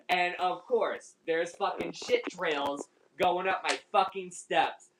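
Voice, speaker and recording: A man's voice: sits high, slow, noisy background. A man telling a story in casual chat on a livestream, laughing often and swearing freely.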